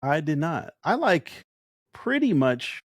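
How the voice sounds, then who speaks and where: A man co-hosting a podcast in casual chat, excitable and playful, his voice jumping up when he gets going. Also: slow pace, dry recording, studio quality. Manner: excitable, playful, jumps high in pitch when animated. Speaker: podcast co-host.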